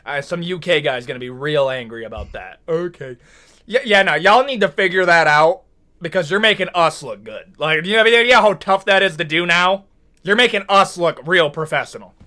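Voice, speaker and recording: A man's voice: fairly high pitch, moderate pace. A young American man ranting and joking in casual commentary, full of slang and mock outrage. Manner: animated, joking, rants with slang like "brother, what?". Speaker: video commentator.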